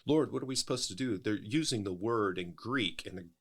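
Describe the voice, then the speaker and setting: A man's voice: fairly low pitch, expressive, fairly quick, husky. A middle-aged male pastor in a casual podcast conversation, explaining at length in a thoughtful way, often restarting his sentences.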